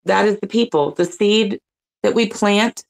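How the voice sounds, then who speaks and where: A woman with a gravelly, medium-pitched voice speaks at a measured pace on a low-quality recording. She's a panelist telling her personal faith story casually, earnest and searching, with many restarts.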